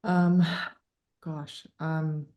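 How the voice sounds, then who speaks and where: A woman in her thirties telling a personal story as a podcast guest, animated and laughing, with many fillers. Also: low voice, extremely slow. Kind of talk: casual storytelling interview. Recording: echoey room.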